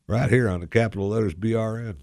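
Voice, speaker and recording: A man's voice: fairly low pitch, brisk, vocal fry, a little mellow, no echo, clean studio sound. Male talk radio host in a folksy drawl. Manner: put-on folksy drawl, joking and sarcastic. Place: radio studio. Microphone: headset microphone.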